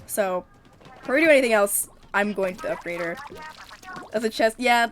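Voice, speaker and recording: A woman's voice: medium pitch, moderate pace, long pauses, soft background music. A woman streamer giving casual, upbeat gameplay commentary, chatty and full of ums.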